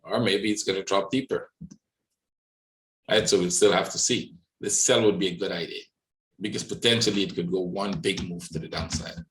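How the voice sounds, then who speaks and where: Low-voiced man thinking aloud over charts. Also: fairly even intonation, moderate pace, a bit bright, echoey room, poor audio. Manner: thinks aloud, many "right?" tag questions. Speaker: trading webinar host. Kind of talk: live market analysis walkthrough.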